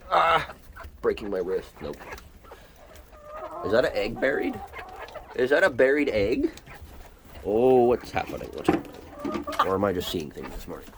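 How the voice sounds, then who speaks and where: A man's voice: very animated, normal speed, pauses often. A man doing farm chores outdoors, casually chatting to his chickens in a playful sing-song voice. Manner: playful, talks to animals in a high sing-song voice. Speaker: homesteader vlogger. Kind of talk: casual chat to his birds. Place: outdoors in a muddy chicken yard. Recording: noisy outdoor farmyard recording. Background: clucking chickens and birds.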